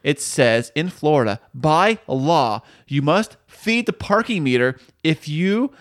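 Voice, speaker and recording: A man's voice: on the high side, lively intonation, takes it slowly. Joking man co-hosting a podcast. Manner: jokey, rambling, reads items aloud. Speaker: podcast co-host. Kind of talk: casual comedic chat. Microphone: studio mic.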